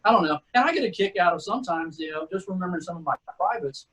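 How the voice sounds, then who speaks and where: A man's voice: high-pitched, lively intonation, very fast, fairly bright tone, low-quality recording. A middle-aged man, a retired Army sergeant, telling war stories in a laid-back, casual way and calling people "man" and "dude". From Texas. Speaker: retired Army sergeant first class, guest. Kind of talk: casual storytelling.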